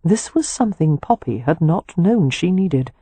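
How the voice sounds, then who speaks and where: A woman narrating a romance audiobook in a measured, expressive reading. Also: fairly low pitch, slightly rough, no echo. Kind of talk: scripted narration of a romance novel.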